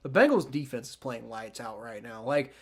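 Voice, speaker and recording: A man hosting a live football reaction stream, rambling excitedly and talking straight to his chat. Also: medium pitch, normal speed. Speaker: livestream sports reaction host. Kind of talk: live game reaction commentary.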